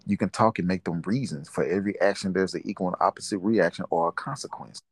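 A middle-aged man talks in a very low voice, thoughtful and quick to laugh. The sound is close and dry. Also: no echo. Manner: warm, reflective, laughs often. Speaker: interviewee, father. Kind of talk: casual family interview.

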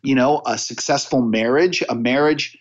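A man's voice: mid-range voice, moderate pace. Earnest man telling stories, lo-fi. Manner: earnest, anecdotal, often restarts phrases. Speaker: podcast guest, sales coach. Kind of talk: conversational interview storytelling. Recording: dull lo-fi audio.

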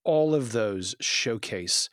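A man guest on a podcast conversation, telling stories in an animated, earnest way with many fillers and restarts. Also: lowish voice, slow pace, clean tone, no room sound, studio quality. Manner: animated storyteller, acts out family scenes.

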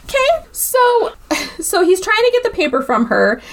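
Animated sarcastic woman recapping a movie. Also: very high-pitched, normal speed, very noisy. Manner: animated, sarcastic, swears freely, acts out characters. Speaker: podcast host recapping a movie. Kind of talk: casual comedic movie recap.

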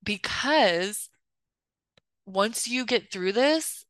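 A young woman talks through her solo podcast in a candid, confessional way, her sentences full of little fillers. The sound is close and dry, with no room around her, and her pitch sits in an ordinary middle range. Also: animated, drawn-out words, fairly bright tone, no echo. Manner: chatty and confessional, heavy use of filler "like". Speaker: podcast host and spiritual life coach.

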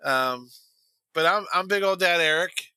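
A man from the American Midwest hosting a sports podcast, chatting in a rambling, profane, relaxed way. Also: on the high side, unhurried, clean tone, no echo. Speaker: podcast host. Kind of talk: casual sports chat.

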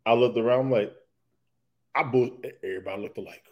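A man's voice: mid-range voice, fast talker, dull audio. A man co-hosting a podcast, telling stories in casual, profane banter. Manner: animated, profane storytelling. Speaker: podcast co-host.

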